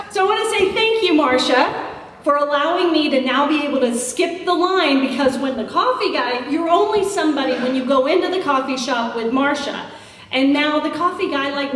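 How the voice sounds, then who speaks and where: A woman giving a chatty, self-deprecating roast speech full of anecdotes and laughter. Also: high-pitched. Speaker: roast speaker. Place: large event hall. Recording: echoey hall recorded from far off.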